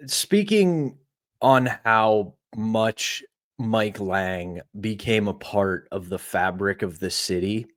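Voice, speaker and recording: A man's voice: lowish voice, slow, no room sound, clean studio sound. A man from Pittsburgh co-hosting a sports podcast, telling an anecdote in a casual, storytelling way. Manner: storytelling, animated retelling of anecdotes. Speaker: podcast co-host.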